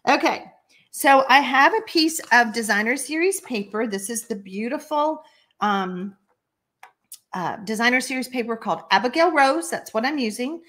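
A woman's voice: a little high, expressive, normal speed, fairly bright tone. A Texan woman hosting a live card-making tutorial, chatty and folksy, laughing often and reading viewer comments aloud. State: allergies, watery eyes. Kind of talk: live stream craft tutorial.

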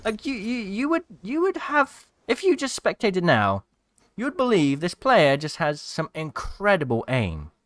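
A man's voice: high voice, huge pitch swings, measured pace, fairly bright tone, a little hiss or hum. A man giving casual commentary over gameplay, cheering at the screen and mocking the players he watches. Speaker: gaming commentator.

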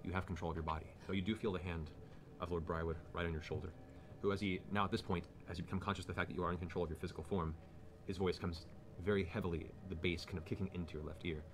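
A man narrating a tabletop game as game master, with descriptive, fast narration. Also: sits low, steady tone. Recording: noisy stream audio.

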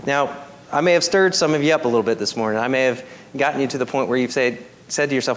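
A man preaching a sermon as pastor, swinging from emphatic high peaks to soft, quiet appeals. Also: fast, slight background noise.

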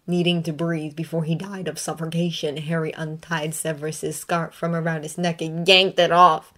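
A woman with a fairly low voice reads a story aloud. Her narration is emotive, rising and falling in pitch as the feeling of the text shifts. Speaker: reader. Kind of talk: emotive reading of a fanfiction story.

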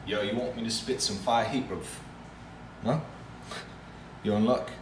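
A man's voice: on the low side, unhurried, reverberant, recorded from a distance, noisy background, voice pushed down, close to an everyday voice. A man doing a cocky drill rapper. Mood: taunting. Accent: put-on London street slang. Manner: cocky, taunting. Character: swaggering young male drill rapper.

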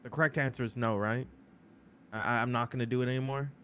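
A man playing an odd, defensive male fast-food worker who rambles and swears. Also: mid-range voice, steady tone, fairly bright tone, clean tone, close to an everyday voice. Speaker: employee being questioned.

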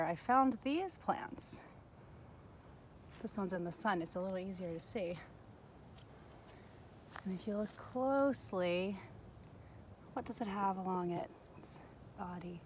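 A woman's voice: mid-range voice, a little hiss or hum. A woman giving an outdoor nature lesson to children on a forest trail. She asks the viewers curious questions, recorded on a handheld phone. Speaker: teacher.

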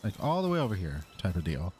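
Animated gamer man, exasperated commentary. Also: deep voice, fast talker, noisy background. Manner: exasperated, talks to his creature. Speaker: gaming YouTuber. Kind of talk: Let's Play commentary.

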